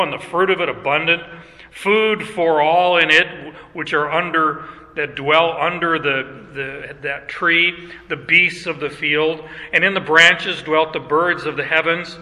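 A man preaching with a slow, deliberate pace and a bright, forceful edge to his voice. He reads scripture aloud and stops to explain it with emphasis. His voice rings with the long reverb of a large hall. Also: fairly high pitch. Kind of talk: expository sermon.

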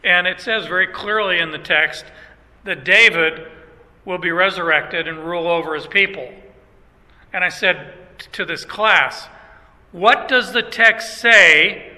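A man's voice: sits high, unhurried, long reverb tail, poor audio. A man from Germany, a Bible teacher, speaking emphatically about how to interpret Scripture and telling stories from his classes. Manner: emphatic, animated storyteller. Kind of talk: speaking on theology.

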